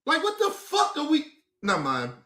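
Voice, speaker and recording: A man ranting profanely and with exasperation in casual political commentary, now and then breaking into shouts. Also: very high-pitched, wildly swooping pitch, normal speed, echoey room.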